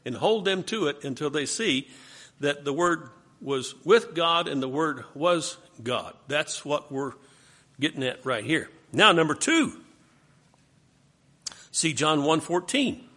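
A man's voice: a little high, animated, slow pace, bright, forceful tone. A man leading a Bible study class, questioning his students and coaching them through the text.

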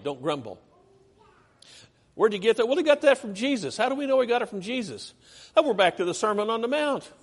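A man's voice: high-pitched, big-room sound. A man preaching a sermon, asking the congregation questions and acting out whiny complainers in character. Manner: animated, rhetorical questions, acts out whiny complainers.

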